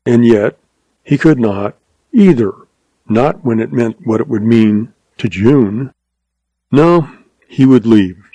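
A man narrating a western story in a measured, unhurried audiobook reading. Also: mid-range voice, animated, mellow, no echo, muffled recording.

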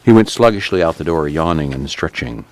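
A man narrating a novel in a measured audiobook reading. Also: very deep voice, animated, no echo.

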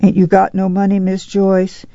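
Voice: mid-range voice, completely flat delivery, moderate pace, dark tone, no room sound, muffled recording, pitched above the performer's own voice, natural voice. A reader voicing a proud, stern woman who leads a migrant camp, speaking in a blunt, commanding way.

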